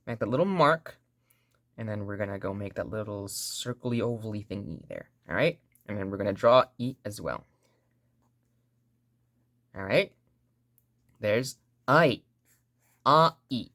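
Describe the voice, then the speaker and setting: Very low-voiced playful woman teacher. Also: lively intonation, measured pace, long pauses, no room sound, clean studio sound. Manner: playful, joking teacher drilling sounds aloud. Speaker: language teacher. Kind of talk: online language lesson.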